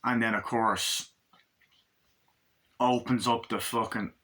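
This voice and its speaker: A man's voice: medium pitch, steady tone, takes it slowly, bright, forceful tone. A young man casually reviewing a movie, rambling, swearing often and acting out the scenes he describes. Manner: profane, rambling, acts out scenes.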